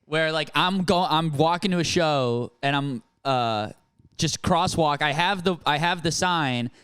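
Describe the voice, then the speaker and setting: Animated man with a smooth voice. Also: a little high, measured pace. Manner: animated storyteller, acts out shouted quotes. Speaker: podcast co-host. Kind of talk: casual chat.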